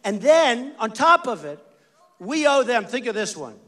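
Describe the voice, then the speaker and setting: Speaking a little slowly, this American political candidate in his sixties has a very high, fairly bright voice with big pitch swings. On a stage mic at a large rally venue, he rambles emphatically, repeats phrases, and addresses the crowd head-on.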